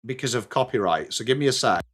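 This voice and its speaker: A man's voice: mid-range voice, lively intonation, fast, fairly bright tone. A young English man hosting a live sports watchalong, chatting to his viewers in a self-mocking way and reading trivia aloud. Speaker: livestream host.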